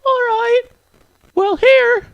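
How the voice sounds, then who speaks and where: A man's voice: very high voice, steady tone, drawn-out words, gravelly, no room sound, highs cut off, voice pushed up, full character voice. A man voicing a timid, bookish teenage girl who stammers and hesitates. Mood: shy.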